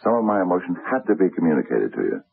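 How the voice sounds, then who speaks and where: An actor playing an anxious, dull middle-aged stockbroker in an old radio drama, hesitant and stammering. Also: male voice, low-pitched, very animated, racing, creaky, breathy edge, no room sound, exaggerated voice. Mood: earnest. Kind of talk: 1970s radio drama acting.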